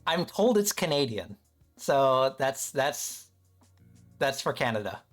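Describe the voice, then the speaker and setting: A man's voice: medium pitch, slow, faint music behind. Playful, chatty male streamer. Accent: American. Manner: playful, chatty, self-deprecating, excitable. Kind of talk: casual live-stream chat.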